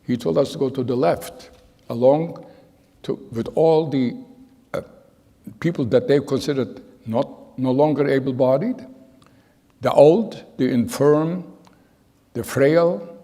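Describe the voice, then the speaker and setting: Man in his 90s, survivor giving testimony; husky, gravelly voice, earnest and halting, echoing through a big hall. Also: mid-range voice, mellow. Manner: halting, earnest storytelling with repeated phrases. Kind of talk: spoken testimony to an audience. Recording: long reverb of a large hall.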